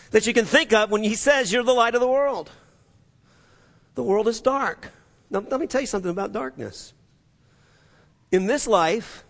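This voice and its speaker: A man preaching a sermon as pastor, swinging from loud emphasis to hushed low tones. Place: church sanctuary. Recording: long reverb in a large hall.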